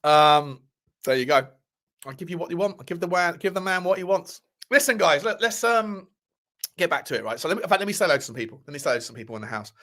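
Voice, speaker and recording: A man's voice: on the high side, animated, quick pace, bright, forceful tone. Man hosting a joking football stream. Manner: repeats phrases, joking, swears freely. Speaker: football podcast host. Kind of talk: casual live-stream chat.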